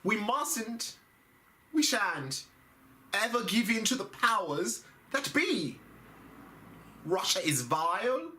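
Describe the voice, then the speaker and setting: A woman's voice: mid-range voice, sing-song, slow pace, pauses often, sharp tone, pitched above the performer's own voice, full character voice. A man voicing an indignant older female British politician in a prim, mock British accent, clipped and mock-formal.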